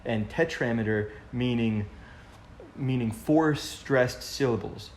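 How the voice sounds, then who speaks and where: A man's voice: mid-range voice, takes it slowly. A man co-hosting a podcast, talking thoughtfully and searching for words, with a few restarts. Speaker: podcast co-host. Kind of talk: casual discussion. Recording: echoey room, faint background noise.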